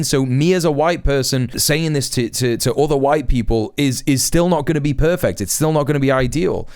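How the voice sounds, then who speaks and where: Male streamer, emphatic and earnest, smooth clear voice, close dry mic, frequent "you know"s. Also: fairly high pitch, no room sound. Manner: earnest, emphatic, lots of fillers and restarts. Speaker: Twitch streamer. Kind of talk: livestream commentary.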